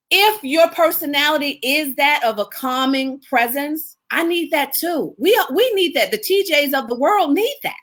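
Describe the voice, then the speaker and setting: A woman with a slightly high voice hosts a casual live stream. She talks with a lively, expressive manner, laughs easily and chats with her viewers as she coaches them. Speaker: publicist hosting a live video.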